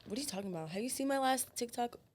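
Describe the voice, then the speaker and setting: A woman guest on a podcast, telling her story in a blunt, profane and animated way. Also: fairly high pitch, rapid-fire. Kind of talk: casual storytelling chat.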